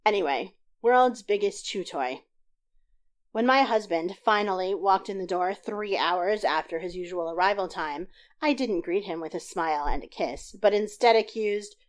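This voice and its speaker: A podcast host reads her own short story aloud, recording into a tablet while lying in bed. She is getting over a sinus infection. Her reading is lively and expressive, and she puts extra force into the dialogue. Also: on the low side, normal speed. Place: in bed at home. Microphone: tablet recording app.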